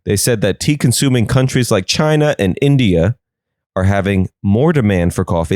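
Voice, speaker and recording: A young man riffs sarcastically through the day's news as a comedy host, his pitch leaping all over the place. The sound is dry and close, with no room around it. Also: sing-song, normal speed, darkish tone, no echo. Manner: sarcastic, riffing with silly put-on voices.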